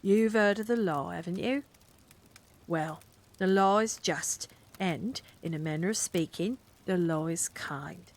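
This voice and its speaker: A woman's voice: on the low side, measured pace. A woman reading a story aloud, voicing a stubborn middle-aged policeman who blusters in sarcastic, ungrammatical speech. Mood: stern. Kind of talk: cozy bedtime read-aloud.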